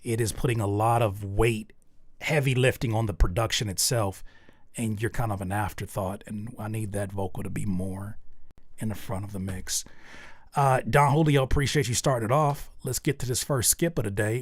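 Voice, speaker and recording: A man's voice: lowish voice, normal speed, dry recording, clean studio sound. A man hosting a livestream, giving candid and rambling feedback on listeners' songs, with many restarts. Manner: candid, rambling with restarts, gets loud and animated in disbelief. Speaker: host reviewing listener music. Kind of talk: casual livestream music feedback.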